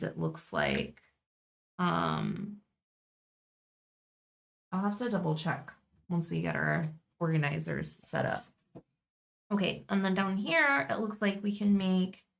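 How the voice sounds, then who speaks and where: A young woman chatting through a live-stream board game unboxing, thinking aloud and laughing softly as she goes. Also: on the low side, vocal fry.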